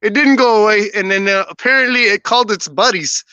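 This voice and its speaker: A man who is a podcast guest, casually telling a personal story in an animated way, often laughing and acting out what people said. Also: sits high, brisk, clear, resonant tone, no echo, highs cut off.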